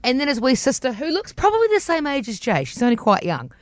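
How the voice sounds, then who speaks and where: NZ-woman, breakfast radio co-host, animated storyteller, slightly high, very lively pitch. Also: fast, dry recording. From far north of New Zealand. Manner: animated, acts out voices, laughs often.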